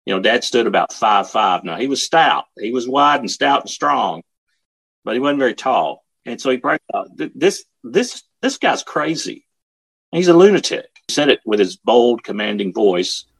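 A man earnestly telling a story, emphatic and halting, often repeating himself. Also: lowish voice, lively intonation, creaky, fairly bright tone, breathy edge. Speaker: speaker telling his father's war story. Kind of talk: storytelling talk.

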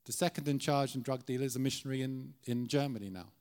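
A man's voice: mid-range voice, fast, darkish tone, clear, resonant tone. A middle-aged Irish man preaching as a guest speaker in a church, earnest and conversational, often restarting his sentences. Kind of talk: sermon.

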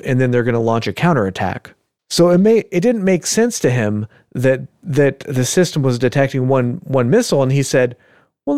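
A man's voice: mid-range voice, a little mellow, dry recording, studio quality. A man hosting a podcast, telling a story in casual chat with joking asides and frequent chuckles. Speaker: podcast host.

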